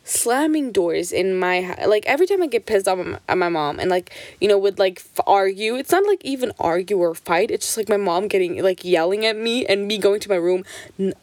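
A woman's voice: medium pitch, no echo. A young woman telling childhood stories in a casual vlog, swearing freely and filling her sentences with "like". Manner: swears freely, heavy on "like" fillers; animated, jumps between quick and drawn-out phrases. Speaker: vlogger. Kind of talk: casual storytelling.

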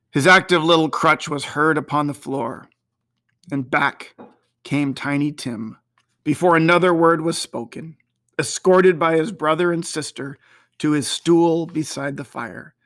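A reader giving slow, measured, expressive audiobook narration of a classic novel. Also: mid-range voice, no echo, clean studio sound.

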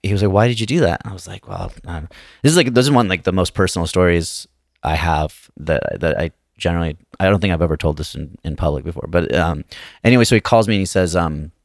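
A man, a guest comedian, telling a long personal story on a podcast in a casual, halting way with many restarts. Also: sits low, vocal fry, no room sound, clean studio sound.

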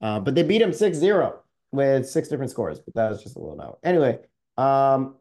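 Man, podcast co-host, casual sports chat, mid pitch, halting with fillers. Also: big pitch swings, warm tone. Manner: rambling, many fillers and restarts.

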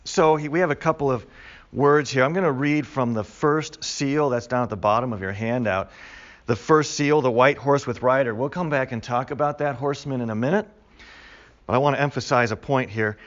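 A man's voice: medium pitch, moderate pace, muffled recording. A man teaching a Bible study class in a conversational way, repeating key words with emphasis for the group.

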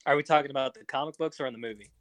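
A young man with a mid-pitched voice chats casually about films. He sounds eager and fan-like, and his speech is full of fillers and small stumbles. The recording is close and dry. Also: racing, fairly bright tone, no echo. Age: young adult. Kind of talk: casual film chat.

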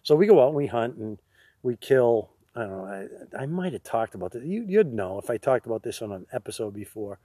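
A man's voice: mid-range voice, very animated, brisk, mellow, breathy edge, no room sound. A man, co-hosting a podcast, telling rambling stories and laughing at his own jokes. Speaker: podcast co-host. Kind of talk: casual storytelling chat.

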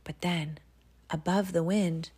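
A woman reading a children's storybook aloud in a soft, hushed voice that often drops to a whisper. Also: lowish voice, fairly even intonation, takes it slowly, slightly rough.

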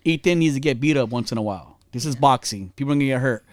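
A man's voice: mid-range voice, a little mellow, dry recording. A man in his thirties, a podcast co-host, telling stories about his son in heated, profane casual chat. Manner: fast-talking, profane, heated.

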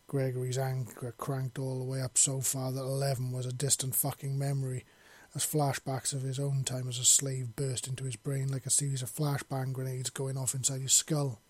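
A man narrating a fiction chapter in a steady, plain storytelling way. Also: mid-range voice, normal speed, few pauses. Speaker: audiobook narrator.

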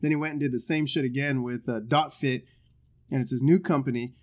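A man's voice: mid-range voice, steady tone, fairly quick, a little mellow. A man hosting a casual reaction video, talking loosely and profanely and laughing often.

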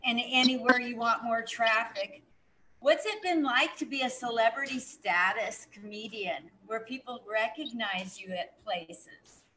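Slow-talking bright-voiced woman host. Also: fairly high pitch, slight background noise, rough recording. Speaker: podcast host. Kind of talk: casual interview chat.

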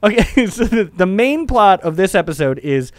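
A man co-hosting a podcast in casual chat, joking and excitable, swearing freely. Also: sits high, normal speed, dry recording. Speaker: podcast co-host.

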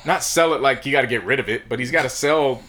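A man co-hosting a podcast, chatting casually about sports and laughing often as he tells stories. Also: fast. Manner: animated, laughs often, jumps high when telling stories. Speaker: podcast co-host.

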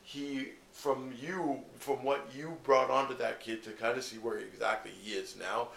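A man's voice: medium pitch, little pitch movement, moderate pace, creaky, fairly bright tone. A young Canadian man co-hosting a podcast, chatty and full of fillers like "you know what I mean". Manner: chatty, filler-heavy, laughs often. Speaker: podcast co-host. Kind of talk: casual podcast chat. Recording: roomy echo, faint noise.

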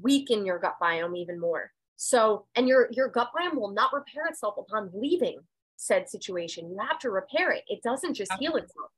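On a poor-quality recording, a woman who is a medium and intuitive opens up as a podcast guest, swearing freely as she tells her story candidly and emphatically. Her husky, expressive voice sits at medium pitch and normal speed, rising and dropping with raw feeling.

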